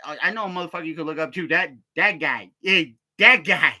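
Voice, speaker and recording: Casting: bright-toned guy, meandering and profane, laughing through his own stories. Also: fairly high pitch, brisk, hardly any pauses. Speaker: vlogger. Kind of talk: casual rambling storytelling.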